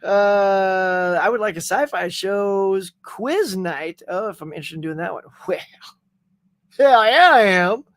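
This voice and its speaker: A middle-aged man hosting a casual livestream chat, telling animated stories and reading out viewer comments. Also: high-pitched, measured pace, no echo. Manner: animated storytelling, acting out quotes. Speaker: livestream host.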